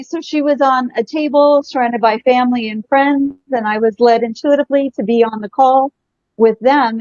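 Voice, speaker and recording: An effusive woman talks over a video call, her voice a little higher than most and muffled in the dull call audio. Her story tumbles out in breathless exclamations. The sound is dry, with no room around it. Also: a little mellow, no echo. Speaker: guest, energy healer. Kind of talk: emotional storytelling in conversation.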